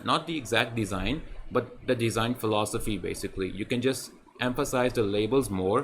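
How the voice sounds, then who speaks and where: A man's voice: lowish voice, slight background noise. A man teaching web design while walking through a website on screen, talking in a conversational way that repeats points and keeps adding "right?". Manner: conversational, repetitive, often adds "right?". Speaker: design tutor. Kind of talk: screen-share tutorial.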